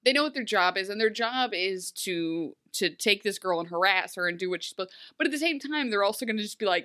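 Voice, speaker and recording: A woman co-hosting a casual chat, animated and quick to laugh, often dropping into little character voices. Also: mid-range voice. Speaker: podcast co-host recapping a TV episode.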